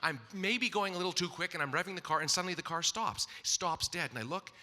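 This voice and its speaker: A man acting as master of ceremonies, telling a comic story to a live audience in a breathless, excitable way with frequent asides. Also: high-pitched, quick pace. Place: large gala event hall. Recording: reverberant live hall.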